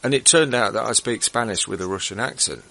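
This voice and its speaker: English man, deep voice, gravelly, laid-back rambling anecdotes. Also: a little fast, bright, forceful tone. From England. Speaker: radio show co-host. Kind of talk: anecdotal storytelling on a talk show.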